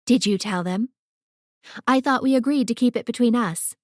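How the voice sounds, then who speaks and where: A woman reading an audiobook, voicing a protective, sharp-tongued mother who speaks firmly and pointedly. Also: fairly high pitch, normal speed, dry recording, studio quality, voice pushed up, natural voice. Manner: firm and pointed.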